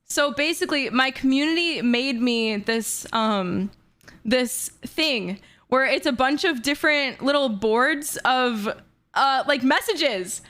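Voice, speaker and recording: A high-pitched young woman in her twenties chats casually to her live-stream audience. Her talk is excitable and gushing. She giggles often as she goes along. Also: slow. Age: 20s.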